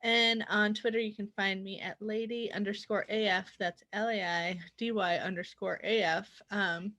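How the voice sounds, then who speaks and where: A woman co-hosting a podcast, brash, casual, and quick to swear and laugh. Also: mid-range voice, steady tone, pushed and bright. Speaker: podcast co-host. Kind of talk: casual chat.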